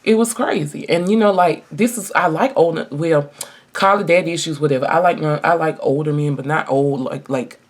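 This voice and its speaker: A woman's voice: deep voice, fairly quick. A woman in her twenties telling a personal story in a casual get-ready-with-me video, chatty and emphatic, talking straight to her viewers. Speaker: vlogger.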